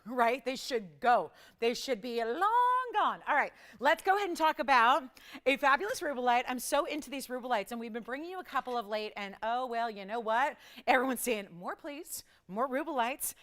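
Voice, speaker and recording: A woman hosting a live jewelry shopping show, chatty and enthusiastic, with quick asides and laughs as she pitches. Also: a bit bright, clear, resonant tone.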